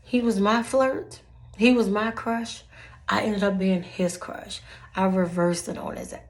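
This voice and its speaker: Brief: woman vlogger, casual and dramatic storyteller, acts out the dialogue, mid pitch. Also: fairly even intonation, unhurried. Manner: dramatic, acts out both sides of a conversation. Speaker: vlogger giving dating advice.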